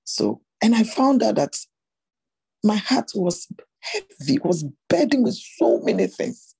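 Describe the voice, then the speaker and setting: A woman's voice: on the high side, sing-song, unhurried, gravelly, warm tone, husky, dry recording, rough recording. A woman giving an earnest personal testimony sermon to other women, pressing her listeners with repeated rhetorical questions. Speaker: women's ministry speaker.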